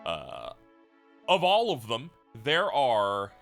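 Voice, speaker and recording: A man giving animated, profane video game commentary as a let's play host, with frequent laughing asides. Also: mid-range voice, takes it slowly, gravelly, faint music behind.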